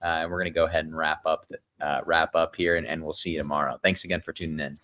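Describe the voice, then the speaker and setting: A man's voice: extremely low pitch, little pitch movement, fast talker, sharp tone. A man co-hosting a market livestream, giving a casual, friendly sign-off full of fillers. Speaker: co-host.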